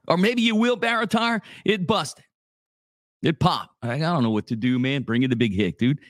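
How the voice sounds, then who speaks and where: Broadcasting a live morning radio show from a small office studio, a Louisiana man with a high voice and fairly bright tone keeps things laid-back and chatty. He uses "dude" a lot and reads sponsor plugs, and there's no echo.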